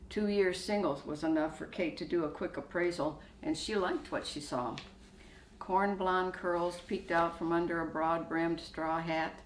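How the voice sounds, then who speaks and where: Author reading fiction, low woman's voice, echoey room with faint hiss. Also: distant mic. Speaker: author reading her story. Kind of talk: reading a short story aloud.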